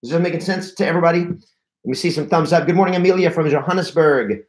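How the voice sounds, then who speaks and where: A man giving a lively live-streamed coaching talk to real estate agents, telling stories and acting out panicked reactions. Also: fairly high pitch, quick pace. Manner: energetic, storytelling, acts out panicked reactions; restarts and repeats words often.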